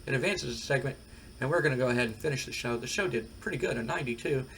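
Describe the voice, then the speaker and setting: A man's voice: medium pitch, fast, a little hiss or hum. A man casually talking through a wrestling management game for his channel, rambling with lots of fillers. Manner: rambling, relaxed, many fillers. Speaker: gaming video creator.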